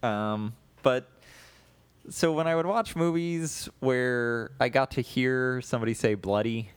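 A man's voice: medium pitch, measured pace, smooth, dry recording. A man co-hosting a casual comedy podcast, riffing playfully and animatedly. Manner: playful, animated, riffs with jokes. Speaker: podcast co-host.

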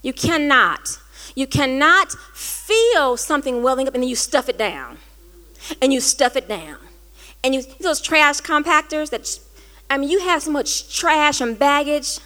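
Woman host, high-pitched, candid storyteller, warm confessional chat. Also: unhurried. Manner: earnest, conversational, rising to animated quoted dialogue.

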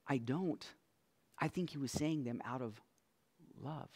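A man preaching a sermon as pastor. His voice drops to a hush and then swells into loud, emphatic lines. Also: medium pitch. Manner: swings from soft, hushed lines to loud emphatic declarations; slow and deliberate, stretching out scripture lines.

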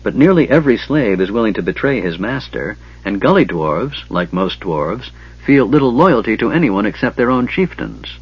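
A man voicing a calm half-elf male leader who speaks quietly and gravely. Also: on the low side, normal speed, heavily acted. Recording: dull lo-fi recording.

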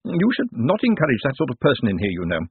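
Man voicing prim stiff bank clerk, firm, husky tone, lo-fi. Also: medium pitch, wildly swooping pitch, quick pace, no echo, pitched above the performer's own voice, full character voice. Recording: tinny lo-fi audiobook recording.

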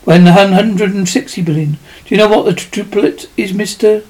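A man with a high voice reading the lines of a tall, booming, self-important doctor in a story. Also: moderate pace, a little mellow, close to an everyday voice, rough recording. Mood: stern. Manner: hearty, jovial. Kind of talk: audiobook dialogue.

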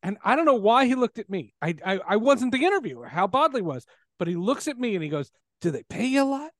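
A man in casual conversation, telling a lively story and laughing often. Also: sits high, quick pace, dry recording, clean studio sound.

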